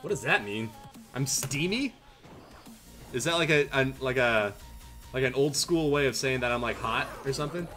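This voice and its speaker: Bright-voiced streamer, playful. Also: male voice, medium pitch, expressive, normal speed, long pauses, soft background music. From Canada. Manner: reads viewer jokes aloud, playful and self-mocking. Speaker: tournament streamer and caster. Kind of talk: casual livestream chat and game commentary.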